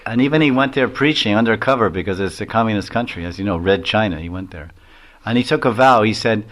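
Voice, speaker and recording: A man's voice: fairly low pitch, fast talker, fairly bright tone. A man giving a devotional lecture as a swami. He tells stories in a rambling way, with many chuckles and acted-out quotes.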